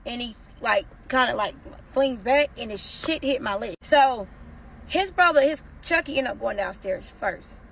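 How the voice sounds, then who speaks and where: A woman telling a story to her phone camera in a casual, animated, profane way. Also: on the high side, unhurried, gravelly, a little hiss or hum, low-quality recording. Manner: animated, profane, dramatic retelling.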